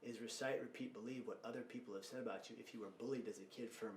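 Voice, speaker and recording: A man hosting a podcast, talking emphatically and growing loud when telling stories. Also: medium pitch, fairly even intonation, fast, a little hiss or hum. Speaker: podcast host and speaker. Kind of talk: podcast conversation. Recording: roomy echo.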